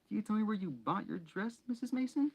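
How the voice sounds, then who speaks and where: A man voicing a fussy, prim middle-aged aunt in a high, fluttery put-on voice. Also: very animated, fast talker, darkish tone, slightly rough, heavily acted. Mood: gushing.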